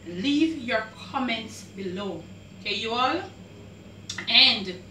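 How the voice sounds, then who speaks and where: A Jamaican woman hosting a home cooking vlog, chatting slowly with drawn-out, emphatic phrases, heard in her kitchen. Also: fairly high pitch, animated, bright, forceful tone, reverberant, recorded from a distance, slight background noise, low-quality recording. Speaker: cooking channel host.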